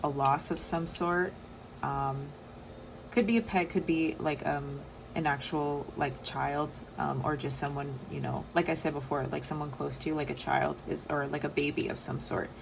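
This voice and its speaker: Low-voiced woman reading tarot. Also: steady tone, normal speed, gravelly, background noise. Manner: soft, rambling, many fillers. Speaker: tarot reader. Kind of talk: casual pick-a-card tarot reading.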